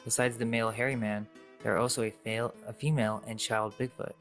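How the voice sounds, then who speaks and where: Man, documentary narration, steady reading, small slips, faint guitar music behind. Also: fairly low pitch, fast. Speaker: video narrator.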